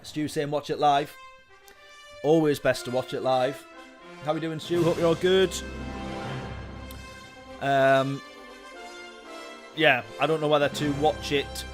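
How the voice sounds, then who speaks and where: A man's voice: fairly high pitch, slow, long pauses. Chatty man streaming a racing game. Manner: chatty, reads out chat messages, excitable during racing. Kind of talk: live gameplay commentary. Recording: game music behind voice. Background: game music and car engine sounds.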